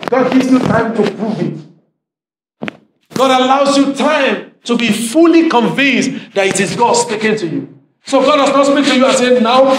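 A male pastor preaching a sermon in church, emphatic, often asking the congregation if they are listening and rising to shouts. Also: very high voice, reverberant, slight background noise, rough recording.

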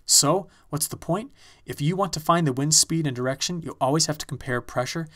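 A Midwestern man teaching a recorded online lecture, his voice sitting a little on the high side. He explains things in an animated, storytelling way. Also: a little fast. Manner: lively storytelling, animated when excited. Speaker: university lecturer. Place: recording space in Champaign-Urbana.

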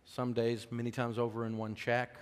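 A man's voice: mid-range voice, completely flat delivery, moderate pace, smooth. Folksy middle-aged man preaching in a hall. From United States. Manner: folksy, emotional, swings between loud preaching and soft hush. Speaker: speaker on faith and money. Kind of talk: sermon-style storytelling talk.

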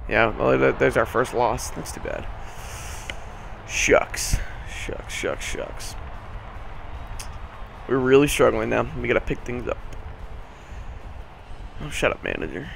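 Hoarse young man, gravelly gameplay chatter. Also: medium pitch, normal speed, long pauses, fairly bright tone, slight background noise. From Boston area. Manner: rambling, swears, frequent "like" fillers. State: hoarse morning voice. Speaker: gaming channel host. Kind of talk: casual gameplay commentary.

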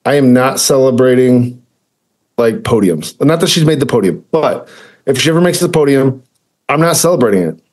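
Choked up with emotion, a male podcast co-host chats casually and rambles, with lots of fillers and self-corrections. His mid-range voice has lively intonation, normal speed, and a darkish tone.

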